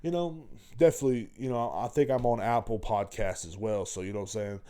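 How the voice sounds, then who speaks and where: A man's voice: on the low side, a little fast, warm tone, smooth. A man hosting a podcast in a rambling, profane, crudely joking solo monologue. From Texas. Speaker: podcast host. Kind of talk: casual comedic podcast monologue.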